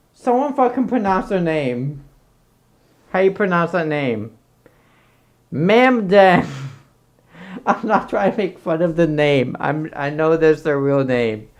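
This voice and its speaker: A man giving casual reaction commentary as a content creator, rambling, excitable and swearing a lot. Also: fairly high pitch.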